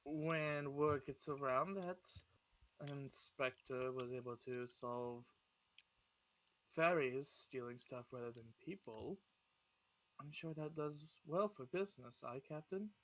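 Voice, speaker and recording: A man voicing a polite, businesslike inspector who clears ships of vermin. He speaks in a quiet, courteous and slightly sly manner for a tabletop game. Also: medium pitch, takes it slowly, dry recording. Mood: smooth.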